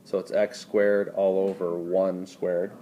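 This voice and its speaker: A man's voice: sits low, flat delivery, slow pace, dark tone. A man tutoring math in a screencast lesson, walking students through each step and quizzing them as he goes.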